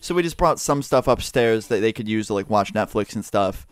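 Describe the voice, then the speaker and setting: A man's voice: on the low side, expressive, clean tone, no echo. A young man rambling through a casual storytime, swearing often. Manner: fast, rambling, swears a lot.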